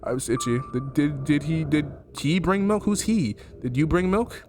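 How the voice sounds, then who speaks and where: A man's voice: fairly high pitch, moderate pace, background noise. Man streaming a horror game. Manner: swears a lot, laughs, reacts loudly. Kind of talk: let's play commentary, reading game text aloud.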